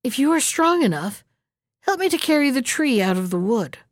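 A woman's voice: high voice, very animated, moderate pace, no echo, clean studio sound. A woman voicing a huge, scornful male giant in a storybook reading.

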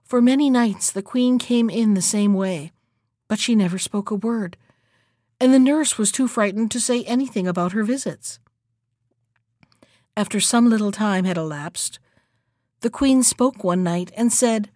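A woman narrating a fairy tale in a steady, even storybook reading. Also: fairly high pitch, moderate pace, dry recording, clean studio sound.

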